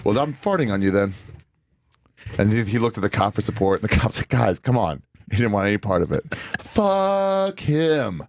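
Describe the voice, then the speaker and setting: A man's voice: on the low side, fast talker, dry recording. A man, a comedian guest on a radio show, telling stories in a brash, profane way and acting out both sides of each exchange. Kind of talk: casual talk radio chat.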